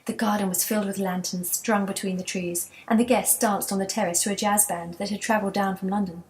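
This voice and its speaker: A woman voicing a wistful elderly grandmother in a children's storybook, soft and reminiscing. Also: medium pitch, steady tone, a little fast, a little hiss or hum, close to an everyday voice.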